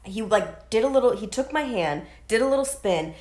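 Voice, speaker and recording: A woman's voice: fairly high pitch, normal speed. A young woman in her twenties, a waitress, telling a gossipy story in casual chat, acting out the people in it. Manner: gossipy, animated storytelling with quoted voices. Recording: echoey room.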